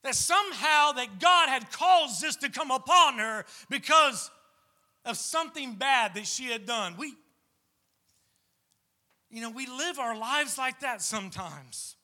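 A man preaching a sermon as pastor, fervent and rising at times to shouts. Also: extremely high pitch, expressive, unhurried.

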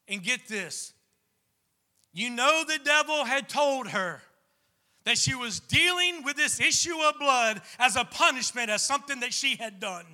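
A man preaching a sermon as pastor, fervent and rising at times to shouts. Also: very high-pitched.

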